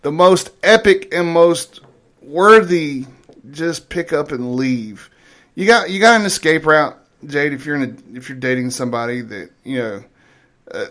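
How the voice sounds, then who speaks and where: A man's voice: medium pitch, normal speed, a bit bright. A man hosting a talk show, chatting loosely with plenty of filler sounds while he sets up a clip. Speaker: radio show host. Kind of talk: casual podcast chat.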